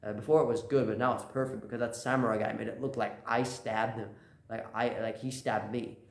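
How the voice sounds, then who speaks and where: A man's voice: medium pitch, steady tone, a little fast. A man casually recapping a manga chapter, rambling with lots of "uh" and "like" and slipping into quoted lines. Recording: roomy echo.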